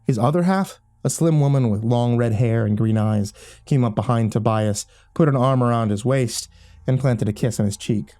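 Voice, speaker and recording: A man narrates a first-person horror audiobook with wry, dry delivery. His voice is mid-pitched and dark, warm and relaxed, with faint music under the reading. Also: normal speed.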